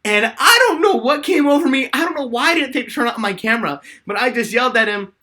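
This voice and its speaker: A man in his twenties hosting a live fan question-and-answer chat, telling stories in an animated way and laughing often. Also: extremely high pitch, fast. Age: 20s.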